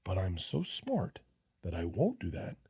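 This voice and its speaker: A man telling a wild story on a podcast, animated and acting out the voices of people in it. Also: deep voice, measured pace, breathy edge, no echo, clean studio sound.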